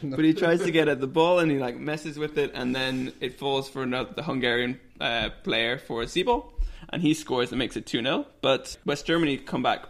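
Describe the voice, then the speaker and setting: Laughing frequently, a podcast co-host spins football history stories in relaxed, chatty conversation. He speaks at normal speed in a mid-range, fairly bright voice.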